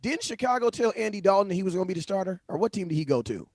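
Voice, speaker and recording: A man hosting a livestream, talking sports in a casual, animated, slangy way and often repeating himself. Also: sits high, very fast, dry recording, studio quality. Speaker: livestream host. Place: home livestream setup. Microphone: phone.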